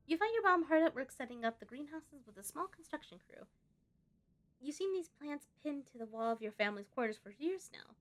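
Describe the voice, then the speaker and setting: A woman hosting a let's-play reads the narration of a visual novel aloud. Her fairly high voice jumps around in pitch as she reads, over soft background game music.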